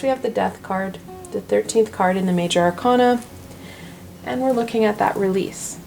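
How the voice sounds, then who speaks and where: A woman hosting a weekly tarot reading video, talking in a gentle, reassuring, chatty way. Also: medium pitch, creaky, low-quality recording. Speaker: tarot reader.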